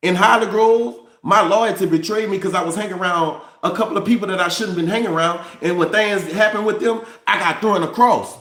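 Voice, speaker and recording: A man's voice: sits high, a little fast, few pauses, a bit bright, reverberant. New man telling his story. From New Orleans. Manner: repetitive, restarts phrases, addresses viewers as y'all. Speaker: vlogger. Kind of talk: candid storytelling monologue.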